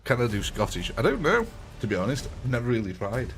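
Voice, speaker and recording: A man's voice: mid-range voice, sing-song, quick pace, fairly bright tone, faint music behind. Chatty man hosting a game livestream. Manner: chatty, laughs often, talks to chat. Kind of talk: casual live gameplay chat.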